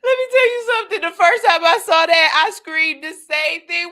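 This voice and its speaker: High bright-voiced woman podcast host. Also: expressive, normal speed, hardly any pauses. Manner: loud, laughs often, swears freely. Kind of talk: casual reaction commentary.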